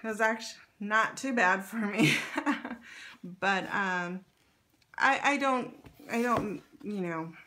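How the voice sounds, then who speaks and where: A woman's voice: medium pitch, slow, pushed and bright, slight background noise. Chatty woman showing her scrapbook. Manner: chatty, many fillers, laughs lightly. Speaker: scrapbook vlogger. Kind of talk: casual show-and-tell narration.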